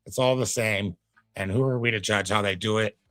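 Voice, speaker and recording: Laid-back low-voiced male streamer. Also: steady tone, fairly quick, a bit bright, no echo. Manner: laid-back, folksy, drawling asides. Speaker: reaction streamer. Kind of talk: casual live commentary.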